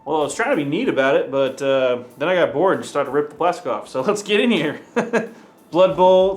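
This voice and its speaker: A man hosting an unboxing, chatting casually, chuckling and thinking aloud as he goes. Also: mid-range voice. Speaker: host.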